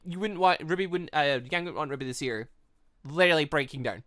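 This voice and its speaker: A man hosting a visual novel playthrough, commenting excitedly and laughing between the story's lines. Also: on the high side, fast talker, no room sound, clean studio sound. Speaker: let's play host.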